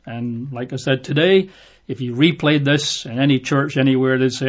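A man's voice: medium pitch, fairly even intonation, moderate pace. A man preaching a sermon in a conversational way, acting out the voices he quotes. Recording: dull lo-fi recording.

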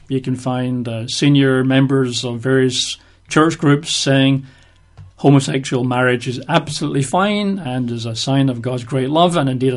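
A man giving conversational Bible teaching, explaining verses with everyday examples. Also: medium pitch.

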